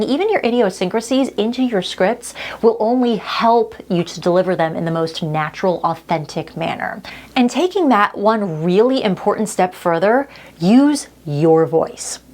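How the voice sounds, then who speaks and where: An upbeat young woman presents tips for getting comfortable on camera, speaking straight to the viewer. Her voice sits at a middle pitch, and her delivery stays direct and engaging. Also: a little mellow. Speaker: video coach.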